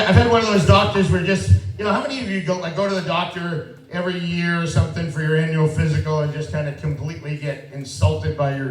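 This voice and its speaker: A man doing a stand-up comedy set, talking casually and self-deprecatingly, and turning animated when he acts out his own side of a story. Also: on the high side. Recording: roomy live venue, mic heard from a distance. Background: audience laughter.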